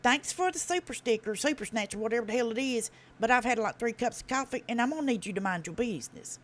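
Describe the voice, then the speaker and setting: A woman with a Tennessee Southern accent hosting a live stream, talking fast with a blunt, profane, folksy drawl. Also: on the high side, lively intonation. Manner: fast talker. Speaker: livestream host. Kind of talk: casual live-stream commentary.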